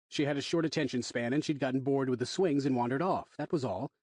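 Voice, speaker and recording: A man narrating a thriller audiobook in the first person, wry and expressive. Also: mid-range voice, fast talker, breathy edge, dry recording, clean studio sound.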